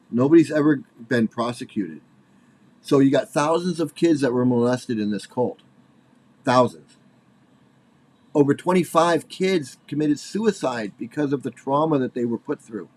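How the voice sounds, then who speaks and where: A man in his forties giving casual spoken commentary, halting and repeating himself, with nervous laughs, worked up and angry. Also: mid-range voice, darkish tone. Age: 40s.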